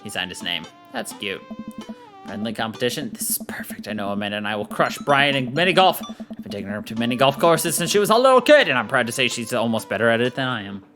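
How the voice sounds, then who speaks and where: Animated, playful game streamer. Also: mid-range voice, quick pace. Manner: playful, reading narration with jokey asides. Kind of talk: reading and playing a dating sim aloud. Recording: faint background music.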